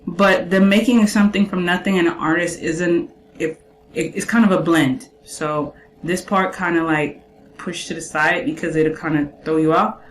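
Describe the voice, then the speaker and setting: A woman's voice: fairly low pitch, steady tone, normal speed, a little hiss or hum. A woman hosting a casual reaction commentary, chatty and emphatic with slangy asides. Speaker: host reacting to a clip.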